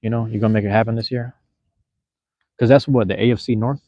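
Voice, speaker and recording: A man's voice: mid-range voice, fairly even intonation, quick pace, warm tone, no room sound, lo-fi sound. A man from Seattle hosting a casual livestream, talking loosely with viewers in slangy, profane chatter. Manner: loose, slangy, drops profanity, addresses chat. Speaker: livestream host.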